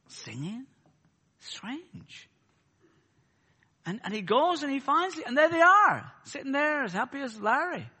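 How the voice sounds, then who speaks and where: A man preaching a sermon. He swings between loud, fervent peaks and soft, chatty asides. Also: very high-pitched, breathy edge, long reverb tail.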